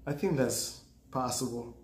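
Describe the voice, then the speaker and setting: A man's voice: mid-range voice, unhurried, a little hiss or hum. A man streaming live, casually rambling about a comedy set, laughing often and talking to his chat. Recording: roomy echo.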